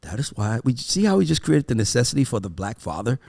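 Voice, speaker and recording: Gravelly, profane man telling stories. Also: mid-range voice, fast talker. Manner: animated storytelling, acting out his kids' voices; profane, emphatic. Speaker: podcast host. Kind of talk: casual chat.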